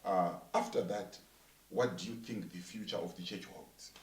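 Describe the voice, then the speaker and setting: A man interviewing a minister, echoing his guest's words and pausing with many fillers. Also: low-pitched, fairly even intonation, recorded from a distance, slight background noise. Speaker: interviewer, church coordinator. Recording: echoey room, off-mic.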